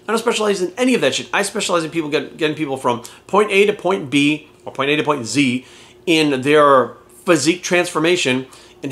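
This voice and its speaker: A man's voice: on the high side, bright, forceful tone. A man talking as a fitness coach in a casual vlog rant, blunt and heavy on swearing and rhetorical questions.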